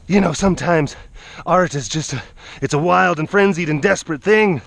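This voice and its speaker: A man with a high, gravelly, slightly bright voice speaks a little slowly, leaving long pauses. He's a vlogger who works with big cats, breathlessly giving a casual running commentary outdoors while coaxing the animals along and chattering to them between remarks.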